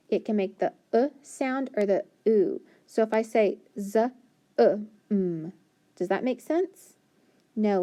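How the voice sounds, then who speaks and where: A woman teaching a phonics lesson, sounding out letters slowly and clearly and praising often. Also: medium pitch, dark tone.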